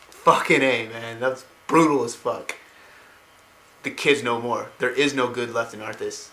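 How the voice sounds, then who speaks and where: A man retelling a story in a casual way, excitedly rambling and swearing as he goes. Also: medium pitch, slow, pauses often. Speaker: lore explainer. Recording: roomy home recording.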